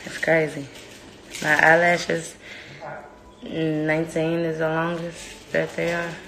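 A young mother chatting casually in a home vlog, coaxing her toddler in a sing-song voice and giving relaxed updates to the camera. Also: deep voice, slow. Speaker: mother and vlogger.

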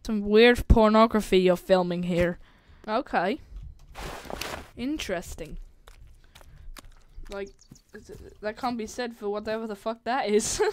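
Jumpy, foul-mouthed woman gamer. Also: medium pitch. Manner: jumpy, swears a lot, shrieks when startled. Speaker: gaming channel host. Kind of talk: let's play commentary.

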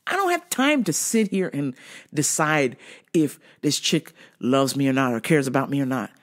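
A woman's voice: extremely low pitch, moderate pace. A woman hosting a podcast, ranting profanely through a casual solo monologue and telling stories with lots of energy. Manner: profane, ranting, animated storytelling. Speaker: podcast host.

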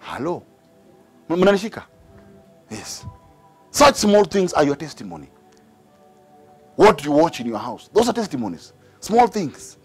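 A man's voice: a little high, husky. A man with a Kenyan accent preaching a sermon, engaging the congregation with questions and repetition. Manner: animated, call-and-response with the congregation. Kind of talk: sermon mixing English and Swahili.

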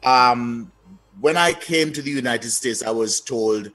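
A man from Jamaica with a Jamaican accent, a guest telling lively stories in a casual interview. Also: medium pitch, takes it slowly, soft background music. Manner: lively, anecdotal, trailing-off phrases.

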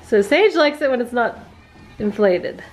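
A young woman, a mother, narrating a casual family vlog at home and talking gently to her toddlers. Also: a little high, animated, a little slow, soft background music.

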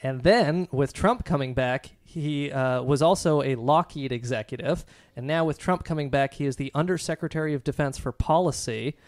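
A man's voice: on the high side, normal speed, hardly any pauses, no room sound, clean studio sound. A man co-hosting a podcast, hesitant with many fillers as he reads from news articles. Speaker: podcast co-host. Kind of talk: casual podcast discussion.

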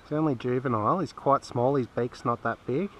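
An Australian man vlogging from a riverbank in the bush, talking softly on a phone camera, his soothing voice lilting up when he speaks to a bird. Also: medium pitch, a little fast. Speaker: fishing vlogger. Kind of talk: outdoor commentary to camera. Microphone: phone camera mic. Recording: faint outdoor background noise.

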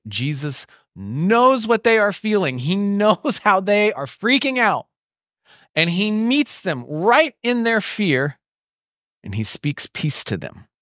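A man preaching a sermon in an animated, conversational way, often asking the listeners questions. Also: mid-range voice, no echo, clean studio sound. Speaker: pastor. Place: church.

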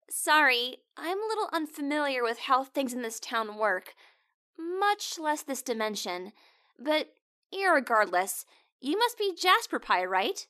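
A woman playing a caller in a comedy prank-call skit, bubbly and quick to get indignant. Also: high voice, big pitch swings, pushed and bright. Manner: bubbly, then huffy and indignant.

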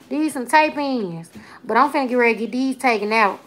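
A woman's voice: a little high, a little fast, fairly bright tone. A woman in her twenties with a Southern Alabama accent hosts a casual livestream. She talks loosely and playfully, sprinkling in Southern slang as she answers comments from her viewers. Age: 20s. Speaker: comedian and livestream host.

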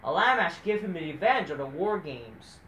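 A woman with a lowish voice rants through a wrestling show review, sarcastic and mocking and swearing at every turn. She sounds like she is recording in an echoey room with a faint hum behind her. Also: very animated, a little fast, fairly bright tone. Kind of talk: profane ranting review.

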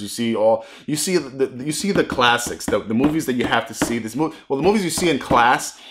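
A man's voice: medium pitch, fairly bright tone, slight background noise. Male podcast host, comic rant, swears freely and sounds fed up. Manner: profane, exasperated ranting.

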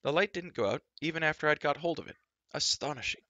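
Eager young prince, man voicing him, gushy and high, bright tone. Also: fast talker, no echo, lo-fi sound. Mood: amazed. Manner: breathless, gushing.

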